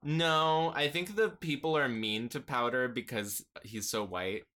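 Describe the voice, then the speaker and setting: A man's voice: mid-range voice, measured pace, pushed and bright. A man co-hosting a podcast in a casual chat, making playful, goofy asides. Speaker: podcast co-host.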